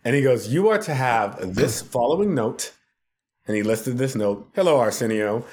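A man's voice: medium pitch, animated, normal speed, a little mellow. A man, a TV producer, telling a story with lots of laughter and acted-out quotes as a podcast guest. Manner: acts out quoted voices, laughs often. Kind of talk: animated storytelling.

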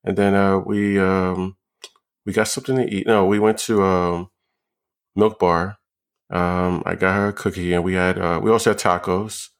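A young man co-hosting a podcast, talking casually in a halting, stop-start way full of fillers and repeated words, high on weed. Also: flat delivery, clear, resonant tone. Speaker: podcast co-host. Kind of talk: casual chat.

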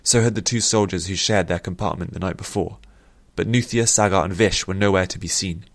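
Man, deep voice, audiobook narrator, measured, dry. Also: no echo. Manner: steady, measured storytelling.

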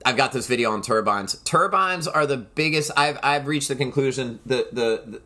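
A man's voice: mid-range voice, normal speed, pushed and bright. A man hosting his own solo podcast, talking in a rambling, emphatic way and often turning to the listeners as "folks". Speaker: podcast host.

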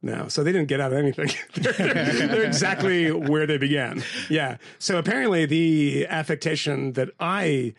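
A man with a slightly affected Mid-Atlantic lilt and a gravelly edge, talking a touch high for a man. He chats in a wry, self-mocking way and laughs mid-sentence. The sound is dry and close. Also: normal speed, few pauses, a bit bright, no echo. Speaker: podcast co-host. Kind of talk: casual panel chat.

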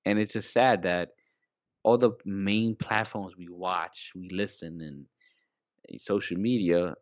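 A man co-hosting a small podcast, talking casually and rambling, getting animated when he quotes people. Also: low voice, slow pace, dry recording, muffled recording. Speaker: podcast co-host.

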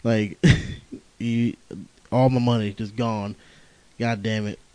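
A young podcast host rambles by himself in a slow, flat, dark-toned voice pitched on the low side. He sounds tired, swears a lot and laughs through his stories, all captured in a low-quality recording with no room sound.

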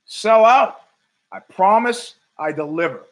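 A podcast host rants alone from his home show, profane, sardonic and wandering off on tangents. His voice is high with lively intonation, he speaks slowly, and the recording is rough.

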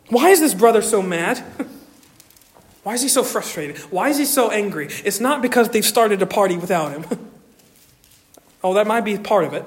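A man pastor preaching a sermon, expressive, moving between loud emphasis and quiet asides. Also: high voice, moderate pace, long pauses, big-room sound. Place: church sanctuary.

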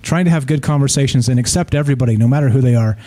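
A man's voice: mid-range voice, racing, mellow. A man hosting a casual live talk show, reading listener comments and rambling with frequent restarts and swearing.

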